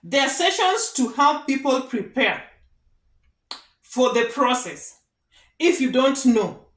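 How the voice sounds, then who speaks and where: A woman's voice: sits high, very animated, slow pace, a bit bright. A woman giving earnest, repetitive advice straight to her viewers in a casual vlog. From Kenya. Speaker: vlogger giving advice to immigrants. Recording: echoey room.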